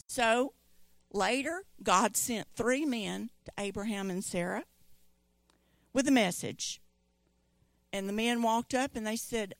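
A middle-aged woman, preaching a sermon and retelling scripture stories in an animated way. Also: mid-range voice, unhurried, dry recording. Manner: storytelling, animated quoting of scripture voices.

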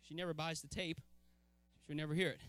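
A man preaching a sermon, filling pauses with "uh" and swelling to shouted emphasis. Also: fairly high pitch, steady tone, soft background music.

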